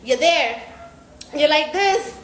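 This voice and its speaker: A woman's voice: high voice, slow pace, echoey room. A woman hosting a casual live stream, slangy and profane, acting out other people's voices as she talks. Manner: animated, acts out patients' voices. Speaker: recovery house host.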